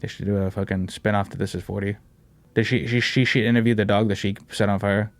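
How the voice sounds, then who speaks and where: A man's voice: fairly low pitch, level tone, quick pace. A man hosting a casual podcast, brash and joking, swearing and saying "bro" and "dude" a lot. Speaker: podcast host.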